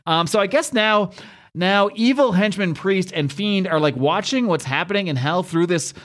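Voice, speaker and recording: A man's voice: high-pitched, moderate pace, a bit bright. A man casually recapping a comic book, rambling, laughing and swearing as he goes. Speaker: host.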